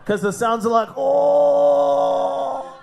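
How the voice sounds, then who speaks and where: Aussie guy hosting a comedy night, crude jokes, swears a lot, high-ish voice. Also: animated, moderate pace, fairly bright tone. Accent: Australian. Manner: brash, swearing, laughing at his own jokes. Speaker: comedy show host and comic. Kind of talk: crude stand-up and compering. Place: live comedy club stage.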